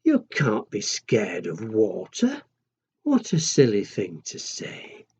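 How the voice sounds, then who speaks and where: A brisk father penguin, as a man reading aloud puts him on brushes off a worry in a low, matter-of-fact tone. The voice is mellow and slow. The recording is dull and lo-fi. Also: huge pitch swings, breathy edge, heavily acted. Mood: dismissive.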